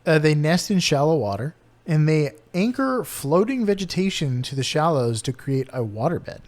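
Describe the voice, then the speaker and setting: A man's voice: on the high side, very animated, moderate pace, darkish tone. A man co-hosting a casual podcast, reading out animal facts and joking around between them. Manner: playful, reads facts then riffs with jokes. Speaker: podcast co-host presenting bird facts. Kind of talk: casual chat.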